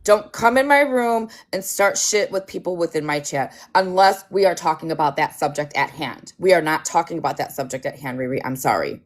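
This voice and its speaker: A woman's voice: low-pitched, brisk, few pauses. Blunt, swearing woman livestream host. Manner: blunt, swears freely, scolds her chat. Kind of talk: casual livestream chat.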